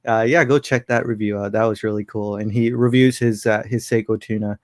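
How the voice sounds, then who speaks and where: A man co-hosting a casual livestream, laughing easily and talking through watch video reviews in a relaxed, rambling way. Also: fairly low pitch, fairly quick, dry recording, studio quality. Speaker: co-host.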